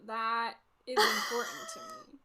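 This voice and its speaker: A woman's voice: on the high side, wildly swooping pitch, measured pace, very noisy. A woman co-hosting a casual chat podcast, playful and giggly, with dry asides. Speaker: podcast co-host.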